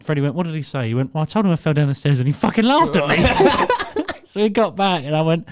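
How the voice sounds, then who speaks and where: Young man, podcast co-host, giggly casual storyteller, a bit higher-pitched. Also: very animated, fast talker. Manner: laughs through his story, swears a lot.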